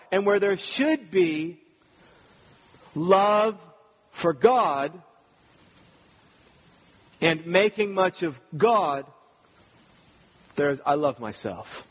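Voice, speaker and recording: A man preaching a sermon, earnest and talking to the congregation with rhetorical questions. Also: high-pitched. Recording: long reverb of a large hall.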